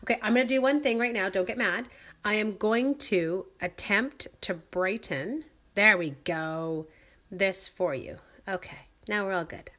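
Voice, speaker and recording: A woman's voice: medium pitch, unhurried, fairly bright tone. A woman hosting a casual live-stream craft demonstration from home, chatty, upbeat and joking about herself as she walks through her supplies. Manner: chatty, upbeat and self-mocking. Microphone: computer or phone live-stream mic.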